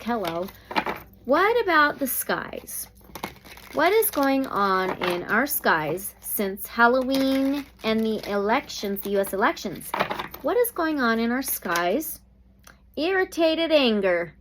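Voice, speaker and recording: A woman's voice: on the high side, big pitch swings, slow pace, noisy background. A woman doing a tarot reading, thinking aloud and often exclaiming. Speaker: tarot reader.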